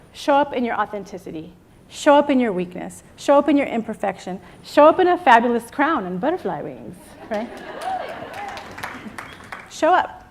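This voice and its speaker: A middle-aged woman giving a rousing motivational speech on stage, calling out to her audience and drawing replies. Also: fairly high pitch. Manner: rousing, call-and-response with the audience. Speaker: keynote speaker. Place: event stage before a live audience.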